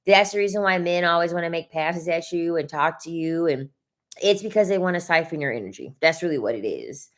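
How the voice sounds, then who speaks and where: A woman's voice: on the low side, animated, a little fast. Blunt, cussing young woman streamer. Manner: blunt, profane, repeats points for emphasis. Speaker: livestream host reading chat. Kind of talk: casual livestream chat.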